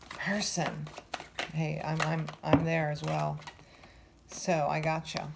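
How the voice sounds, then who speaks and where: A woman with a lowish voice talks through a tarot reading in a loose, chatty way, filling pauses with ums and you-knows. She sounds slightly out of breath, and loud background noise runs under her voice. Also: little pitch movement, vocal fry. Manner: chatty, many fillers, thinks aloud. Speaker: tarot reader.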